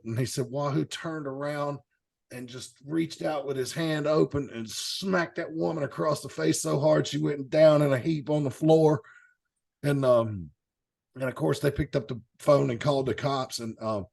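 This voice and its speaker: A man's voice: medium pitch, moderate pace, vocal fry, a little mellow. A man hosting a casual panel show, telling rambling anecdotes with chuckling asides. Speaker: host. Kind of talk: casual storytelling chat.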